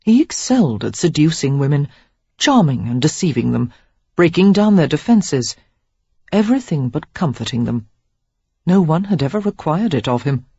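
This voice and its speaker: A woman narrating a romance audiobook, measured and expressive. Her voice is husky and her pitch rises and falls widely. The recording sounds dull and dry. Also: dry recording. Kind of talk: scripted narration.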